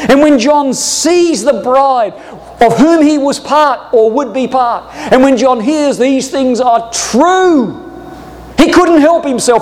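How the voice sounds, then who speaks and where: A man preaching a Bible-school sermon, emphatic, moving between hushed asides and stirred outbursts. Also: very high voice, long reverb tail, low-quality recording.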